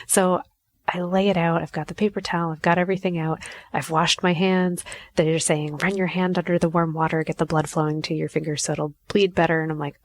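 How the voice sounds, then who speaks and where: A woman's voice: lowish voice, steady tone, fairly quick, gravelly, a little mellow. A woman hosting a podcast, telling a personal story in a candid, self-mocking way, swearing freely and acting out her own inner voice. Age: adult mother. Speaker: podcast host. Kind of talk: casual storytelling monologue.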